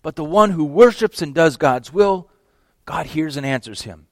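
A man's voice: a little high, animated, moderate pace, no echo. A man voicing a fearless, plainspoken beggar who was healed of blindness, in a sermon retelling. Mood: emphatic. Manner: plainspoken, emphatic storytelling.

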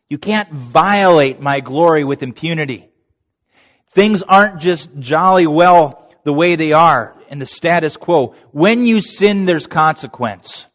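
A preacher speaking as God addressing Cain during a sermon, earnest and firm. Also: male voice, fairly high pitch. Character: stern loving male God addressing Cain. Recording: long reverb of a large hall.

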